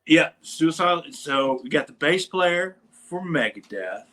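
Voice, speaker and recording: A man hosting a casual show, telling a rambling, animated anecdote about meeting a band. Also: a little high, a little slow, low-quality recording. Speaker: podcast host; bass player in a metal band. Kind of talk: casual storytelling chat.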